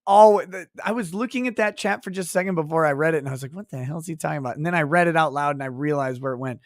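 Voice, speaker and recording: A man's voice: a little high, very fast, no room sound, clean studio sound. A man hosting a live stream, reading chat aloud and going on profane mock rants. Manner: profane, mock-ranting at chatters. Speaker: livestream host.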